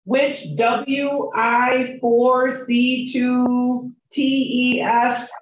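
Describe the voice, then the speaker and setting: A woman's voice: high-pitched, level tone, very slow, a little hiss or hum. A woman teaching real estate agents, chatty and candid, telling stories and asking the class questions. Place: training room with a group. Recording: roomy, distant, dull classroom recording.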